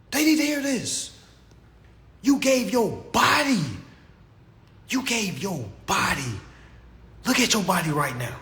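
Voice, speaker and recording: A man delivering a comedic rant to camera in an animated, preachy and mocking way. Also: extremely high pitch. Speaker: vlogger.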